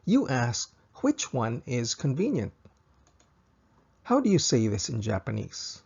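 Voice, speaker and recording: A man teaching a recorded language lesson, speaking slowly and carefully and repeating each example sentence twice for practice. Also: medium pitch, wildly swooping pitch, vocal fry, darkish tone, breathy edge, dull audio.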